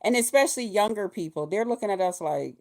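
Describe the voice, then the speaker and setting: A woman in her fifties talking casually in a vlog, animated and profane, laughing often. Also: mid-range voice, quick pace. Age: 50s. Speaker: vlogger.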